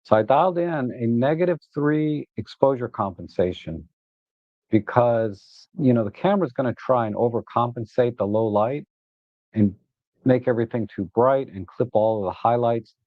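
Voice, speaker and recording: Speaking at a moderate pace in a mid-range voice, a man runs a photography livestream, chatting and meandering through his pictures with many "uh"s and repeated beginnings. Griping makes him animated and exasperated, with laughter; the sound is narrow, dry and phone-like.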